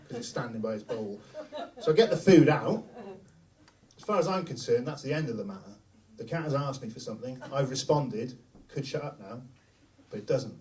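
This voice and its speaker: A man's voice: mid-range voice, normal speed, slight background noise. A middle-aged man doing a brash, profane stand-up set, telling stories on a comedy club stage, heard from a distance. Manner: brash, profane, animated storytelling.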